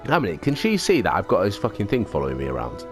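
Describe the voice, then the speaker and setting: A man's voice: fairly low pitch, wildly swooping pitch, quick pace. A man doing casual, sarcastic commentary over a video game he is playing, swearing freely. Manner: sweary, sarcastic, jokey asides. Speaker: let's play gamer. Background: game music.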